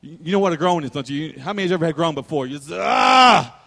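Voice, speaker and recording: A man's voice: fairly high pitch, very fast. A man preaching a sermon as pastor, emotional and rising to fervent preaching.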